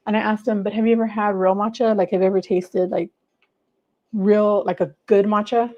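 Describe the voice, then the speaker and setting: A middle-aged woman with a mellow, warm voice hosts a casual home livestream. Her talk is chatty and rambling, and she keeps turning to greet viewers by name as she moves around. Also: medium pitch, fairly even intonation, fairly quick, dull audio. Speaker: livestream host.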